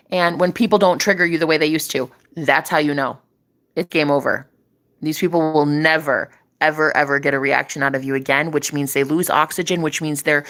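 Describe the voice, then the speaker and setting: Woman, deep voice, spiritual reading, emphatic, repetitive, preachy. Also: fairly bright tone. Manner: emphatic, preachy, repeats phrases for effect; swears casually. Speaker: spiritual reader. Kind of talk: casual spiritual vlog talk.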